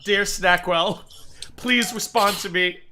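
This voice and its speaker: A man's voice: high-pitched, slow pace, sharp tone, a little hiss or hum. A man hosting a livestream, talking casually in a gossipy, mocking way as he reacts to clips. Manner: gossipy, mocking, laughs a lot. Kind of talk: casual commentary stream.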